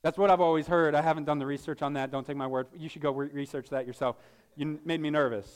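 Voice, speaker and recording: A man preaches from the pulpit in a relaxed, conversational way, cracking jokes and tripping over his own words as he goes. His voice sits high for a man. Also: fast talker, smooth. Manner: casual and joking, with frequent restarts. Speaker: pastor. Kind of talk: sermon.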